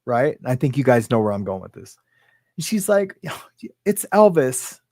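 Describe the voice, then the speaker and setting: A man's voice: mid-range voice, very animated, a little fast, dark tone, no room sound, studio quality. Rambling middle-aged man telling a story. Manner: rambling, full of "right?" and "like". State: emotional, near tears. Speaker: podcast guest. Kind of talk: personal storytelling.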